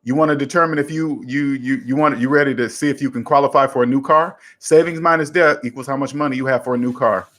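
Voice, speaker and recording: Fast and with barely a pause, a man with a mid-range voice talks in a steady, fairly bright tone. He's a personal finance coach hosting a casual show, emphatically advising a listener and repeating one simple formula time after time.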